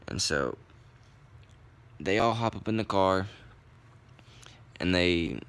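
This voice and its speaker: Laid-back deep-voiced young man with a drawl. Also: fairly bright tone, clean tone. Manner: profane, rambling, laid-back. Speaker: vlogger. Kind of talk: casual storytelling.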